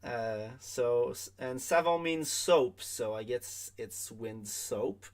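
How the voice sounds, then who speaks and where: A man's voice: medium pitch, slow. A man hosting a live league draft stream, speaking in casual commentary with many ums and restarts. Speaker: draft broadcast host.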